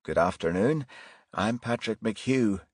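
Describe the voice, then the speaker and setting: A soft-spoken middle-aged pastor with an Irish lilt, solemn and courteous, as a male narrator puts him on. The voice sits low but moves with lively, expressive rises, a slightly husky tone, close and dry on the mic. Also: takes it slowly, no echo, heavily acted. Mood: gently solemn.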